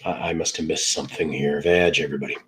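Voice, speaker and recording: On a live stream, a middle-aged male host chats casually with viewers, greeting them by name and rambling through jokes while sounding stuffed up from being sick. His voice is extremely low and steady, and he talks fast. The recording is rough, with a little background noise.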